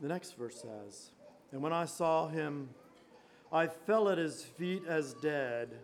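High voiced preacher guy, slow and fervent, reads old scripture then shouts praise. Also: lively intonation, slight background noise. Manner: fervent, swings from soft murmurs to shouted exclamations; reads scripture in King James wording. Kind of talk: sermon.

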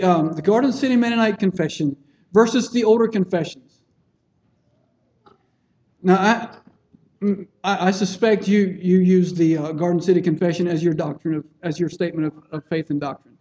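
A man's voice: high-pitched, moderate pace, long pauses, a little mellow. A man preaching a sermon in an earnest, plain-spoken way, often restarting phrases and checking in with his listeners. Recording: dull lo-fi sermon recording.

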